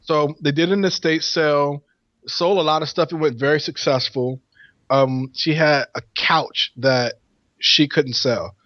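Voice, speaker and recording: A man co-hosting a podcast, telling a story in an animated, laughing way. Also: on the high side, a little slow, no room sound, highs cut off. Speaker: podcast co-host. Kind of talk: casual storytelling chat.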